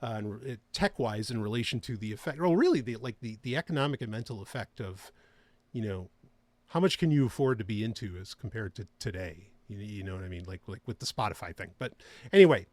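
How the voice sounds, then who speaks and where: Man, podcast host, casual chat, rambling, lively pitch, dry close sound. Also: brisk, no room sound. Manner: rambling, laughs often, many restarts.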